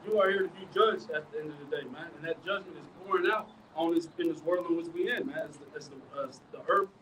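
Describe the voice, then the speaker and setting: Male scripture reader and preacher, halting and informal, fairly high voice, distant mic. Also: a bit bright. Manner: reads haltingly with fillers, adds "man, all right?". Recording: distant mic with faint outdoor noise.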